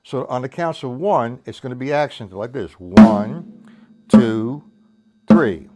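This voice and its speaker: A man's voice: mid-range voice, lively intonation, fairly quick, over loud music. A man teaching drums on a live stream, rambling loosely and counting beats aloud, tired after a night without sleep. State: tired from staying up all night. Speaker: drum teacher. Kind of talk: live-streamed drum lesson. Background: drum kit playing.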